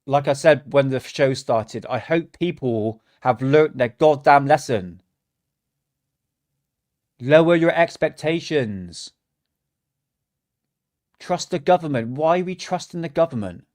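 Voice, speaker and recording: A man's voice: on the high side, expressive, slow, pauses often, darkish tone. A man hosting a livestream, ranting in exasperation, swearing and stammering through restarts. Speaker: livestream host. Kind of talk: reaction livestream rant.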